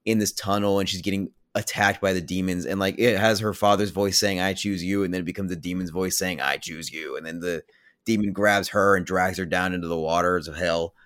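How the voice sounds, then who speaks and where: Speaking brisk and low with fairly even intonation and a slightly bright tone, a man rambles through a spoiler recap of a movie on a podcast, peppered with "like" and blunt remarks. Clean studio sound without room echo.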